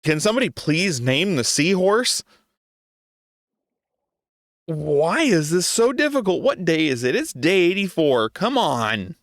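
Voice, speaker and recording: A young man thinks out loud while playing, exasperated and joking with himself as he works things out. His pitch leaps around constantly. The sound is dry and close, with no room behind it. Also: sing-song, unhurried, long pauses, no echo. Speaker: gaming video creator. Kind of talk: casual gameplay commentary.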